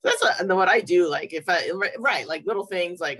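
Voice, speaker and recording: A woman guest in a casual interview, talking in a lively, reflective way with a husky voice. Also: on the low side, a little fast. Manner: lively, reflective, laughs easily.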